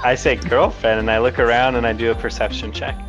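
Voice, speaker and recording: A man's voice: medium pitch, fairly even intonation, fairly quick, soft background music. A man playing in a tabletop game, laughing and playful as he describes his moves. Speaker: player. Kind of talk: in-character tabletop play.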